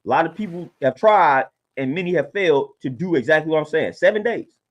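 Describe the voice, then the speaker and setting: A man's voice: a little high, animated, a little fast, highs cut off. A man talking casually on a livestream, laid-back and preachy, often repeating his points. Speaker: livestream host.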